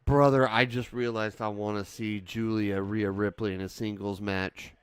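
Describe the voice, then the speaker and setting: A man's voice: on the low side, level tone, normal speed, a bit bright, smooth. A man hosting a livestream, casually reacting to wrestling in a playful, teasing way. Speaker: livestream host. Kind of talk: casual wrestling watch-along commentary.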